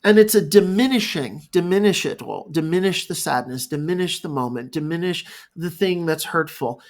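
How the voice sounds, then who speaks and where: A male therapist speaking in a reflective, halting monologue, improvising as he goes. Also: fairly high pitch. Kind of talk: unscripted talking-head monologue.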